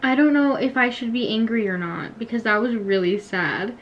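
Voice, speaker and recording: A woman's voice: on the high side, animated, lo-fi sound, slight background noise. Chatty teen girl gaming vlogger. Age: teens. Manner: chatty, giggly, quick to complain. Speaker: YouTuber. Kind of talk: casual gaming vlog chat.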